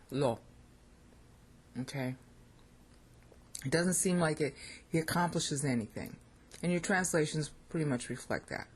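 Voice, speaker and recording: American bible teacher, raspy voice, casual lecture, thinks out loud as they go. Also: medium pitch. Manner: thinking aloud, frequent "okay?" check-ins with listeners. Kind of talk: informal lecture on scripture.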